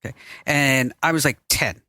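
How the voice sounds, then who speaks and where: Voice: mid-range voice, normal speed, pushed and bright, dry recording. A talk show co-host chatting casually, rambling with lots of fillers. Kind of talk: casual radio show banter.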